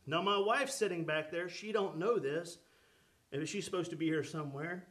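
A man's voice: on the high side, moderate pace, fairly bright tone. A man preaching a sermon with fervor, calling out to the congregation for responses. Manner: fervent preaching with calls to the congregation.

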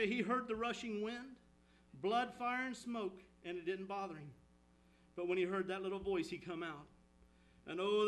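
A man preaching an impassioned sermon, swinging between loud exhortation and hushed storytelling. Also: low-quality recording. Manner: impassioned, rising and falling, drops low for storytelling. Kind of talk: fervent sermon.

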